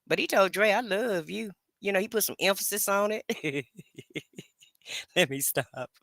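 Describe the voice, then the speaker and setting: Bright, mocking commentary host. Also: male voice, high-pitched, animated, normal speed, no echo, clean studio sound. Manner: mocking, playful. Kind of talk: casual commentary.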